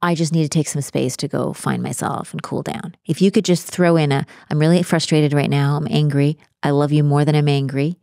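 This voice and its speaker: A woman speaking as a relationship coach in a casual podcast conversation, animated and acting out the voices she quotes. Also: deep voice, fairly quick, gravelly, few pauses, no room sound, clean studio sound.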